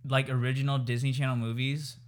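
A man's voice: mid-range voice, flat delivery, brisk. A young man co-hosting a podcast, chatting casually with slang and swearing. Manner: slangy, profane banter. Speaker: podcast co-host. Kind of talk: casual chat.

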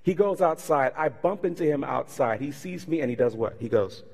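A man's voice: on the high side, normal speed, few pauses, breathy edge. A man pastor preaching a sermon, telling stories animatedly and acting out the people in them. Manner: animated storytelling with voiced impressions. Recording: reverberant hall.

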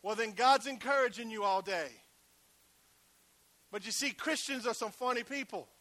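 A man preaching with a high, bright voice that carries. He moves from loud, emphatic calls down to soft, hushed passages, drawing the congregation in with quick conversational asides. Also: no echo. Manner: conversational, uses call-and-response asides. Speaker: pastor. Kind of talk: sermon.

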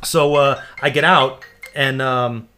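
Bright-voiced American man telling stories. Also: mid-range voice, takes it slowly. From United States. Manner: animated storytelling with laughs and swearing. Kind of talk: casual chat.

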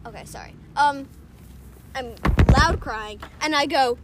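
A young woman with a high voice tells a long, rambling story to a friend, giggling often and leaning on "like". There is a faint hiss of noise under her voice. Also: lively intonation, normal speed. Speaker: co-host. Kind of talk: casual chat.

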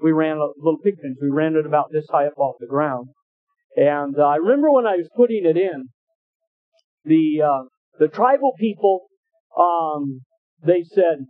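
Brief: male pastor, folksy sermon storyteller, slightly high voice, dry tinny phone-like sound. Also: animated, normal speed, dry recording. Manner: folksy, anecdotal, with hesitant restarts. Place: church.

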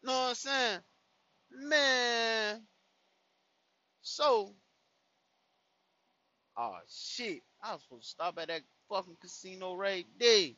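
A man's voice: high voice, expressive, takes it slowly, pauses often, bright, forceful tone, lo-fi sound. A young man telling a profane story in casual chat from his car, full of "you know what I'm saying". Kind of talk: casual storytelling while driving.

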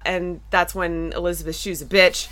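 A woman's voice: fairly low pitch, steady tone, normal speed, a bit bright. A woman co-hosting a casual movie podcast, chatty and quoting characters as she retells scenes. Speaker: podcast co-host. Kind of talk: casual movie recap chat.

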